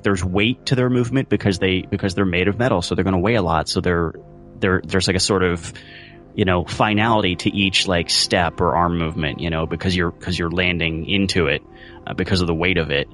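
A man co-hosting a casual podcast chat, rambling with lots of fillers and getting animated when quoting scenes. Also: low voice, a little fast, faint music behind. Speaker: podcast co-host. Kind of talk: casual chat about a TV episode.

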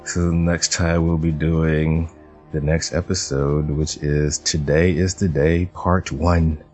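A man's voice: a bass voice, level tone, slow pace, darkish tone, faint music behind. A man hosting a podcast in casual chat, jokey and given to giggling. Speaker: podcast host.

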